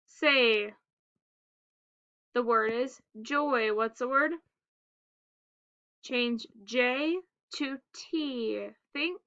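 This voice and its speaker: Slow, bright-voiced woman teaching phonics. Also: fairly high pitch, muffled recording. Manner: slow, deliberate, clearly enunciated word prompts. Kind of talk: phonics lesson for young children.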